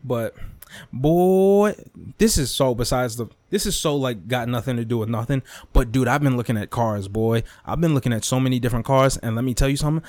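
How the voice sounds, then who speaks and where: A young man hosting a podcast, ranting casually with lots of swearing, repetition and quick asides. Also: mid-range voice, dry recording. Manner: animated, profane, repetitive, swings into mock whispers and impressions. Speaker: podcast host. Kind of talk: casual rant monologue.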